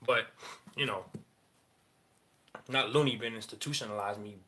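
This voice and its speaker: A man in a candid personal monologue, rambling and profane, halting often with fillers as he talks about his feelings. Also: lowish voice, bright, forceful tone. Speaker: father sharing personal story.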